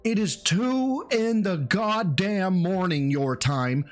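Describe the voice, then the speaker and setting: A man's voice: high-pitched, takes it slowly, faint music behind. A man hosting a live stream who mocks the people in the clip, laughs a lot, swears freely and acts out impressions of them. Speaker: stream host reacting to a clip.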